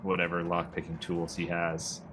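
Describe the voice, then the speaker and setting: A man's voice: deep voice, completely flat delivery, moderate pace, music in the background, rough recording. A man playing a tabletop game, laid-back and jokey. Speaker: player. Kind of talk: casual tabletop game chat.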